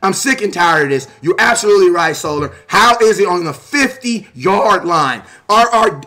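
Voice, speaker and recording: A man hosting a live sports stream, talking animatedly with lots of "man" and "bro", sometimes shouting. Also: sits high, expressive, normal speed, hardly any pauses. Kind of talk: casual sports talk.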